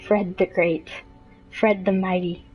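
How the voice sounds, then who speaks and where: A woman narrating a mock nature documentary with deadpan, absurd humor. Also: lowish voice, slow, muffled recording, faint music behind. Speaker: video creator.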